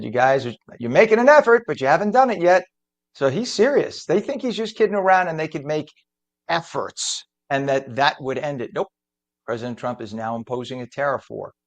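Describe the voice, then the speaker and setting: A man's voice: medium pitch, gravelly. A man hosting a morning news show, reading headlines and breaking off into chatty, opinionated asides in a self-aware know-it-all manner.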